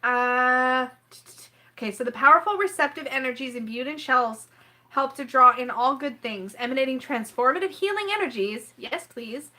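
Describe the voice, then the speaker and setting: A woman's voice: high-pitched, normal speed, sharp tone. A woman hosting a tarot live-stream unboxing at home, chatty and emotional, often laughing through tears. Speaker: tarot livestream host.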